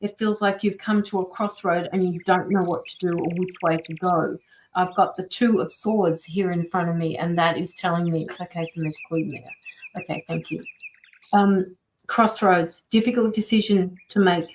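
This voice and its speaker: A woman reading tarot and passing on spirit messages to viewers on a livestream, gentle and reassuring, pausing often with fillers. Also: on the low side, steady tone, slight background noise, rough recording. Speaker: tarot reader and medium.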